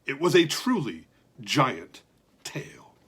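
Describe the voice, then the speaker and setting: A male storyteller narrates a children's tale with lively, expressive delivery. His voice is husky and sits on the high side, rising and falling animatedly as he reads. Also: a little slow. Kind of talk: reading a children's story aloud.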